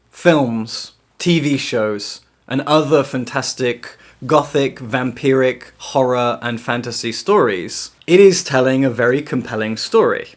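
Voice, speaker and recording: A man giving a casual book review vlog, animated and sarcastic, swearing freely and laughing between remarks. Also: medium pitch.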